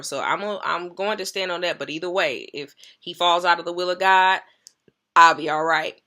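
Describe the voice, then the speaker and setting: Bright-voiced woman pastor telling her story. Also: on the low side, normal speed. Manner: earnest, emphatic repetition of key phrases. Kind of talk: personal storytime testimony.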